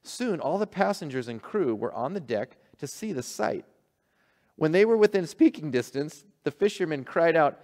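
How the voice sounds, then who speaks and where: A man's voice: fairly high pitch, big pitch swings, moderate pace, darkish tone. A male pastor giving a conversational, folksy sermon in a church hall, reading a story and leading prayer. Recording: long hall reverb.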